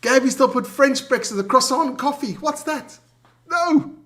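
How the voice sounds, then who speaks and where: A man co-hosting a sports chat show from South Africa, loud and jokey, swearing and greeting his chat viewers. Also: very high-pitched, animated, measured pace.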